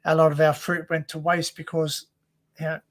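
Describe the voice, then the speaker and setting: A man's voice: on the high side, monotone, normal speed. A man with an Australian accent, chatting casually and telling rambling stories full of fillers. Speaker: co-host. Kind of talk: casual chat.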